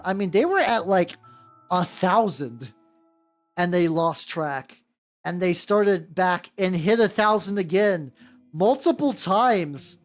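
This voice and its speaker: A woman's voice: mid-range voice, lively intonation, unhurried, faint music behind. A woman in her thirties chatting casually as a streamer while she paints, rambling and restarting her sentences with a wry edge. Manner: rambling, self-interrupting, wry. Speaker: VTuber streamer.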